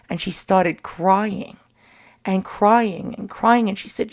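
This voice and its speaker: A woman in her forties telling her own story in a candid monologue, halting and emotional, with many pauses and fillers. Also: mid-range voice, vocal fry. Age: 40s.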